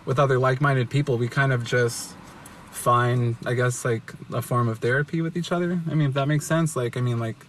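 A man's voice: mid-range voice, fairly even intonation, fairly quick, distant mic. A man in a casual chat, talking hesitantly in slang, saying "dude". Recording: off-mic with faint noise.

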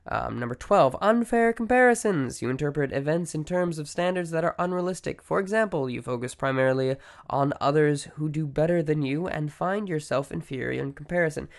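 A man with a slightly high, creaky voice hosts a solo podcast on mental health, speaking a little fast with hardly any pauses. He thinks out loud in a reflective, conversational way, with many fillers and self-corrections.

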